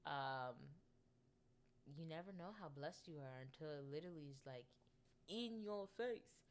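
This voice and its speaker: Low-voiced young woman podcaster rambling. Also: moderate pace, slight background noise. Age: 20s. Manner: rambling and chatty, with many ums and laughs. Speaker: podcast host. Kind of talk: casual solo podcast chat.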